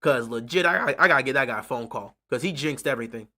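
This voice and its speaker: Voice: mid-range voice, quick pace, bright, forceful tone. A sports fan streaming a live reaction, ranting in a frustrated, sarcastic way and repeating points over and over.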